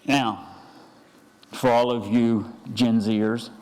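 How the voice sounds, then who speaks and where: A man's voice: mid-range voice, steady tone, extremely slow, darkish tone, a little hiss or hum. A man, a pastor, preaching a conversational sermon with frequent restarts and asides. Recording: church hall reverb.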